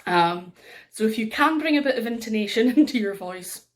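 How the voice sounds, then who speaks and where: Aberdeen Scottish woman teaching storytelling. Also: moderate pace. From Aberdeen, Scotland. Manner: lively, swings her pitch and loudness to demonstrate voices, frequent ums. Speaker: storytelling workshop leader. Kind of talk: instructional workshop talk.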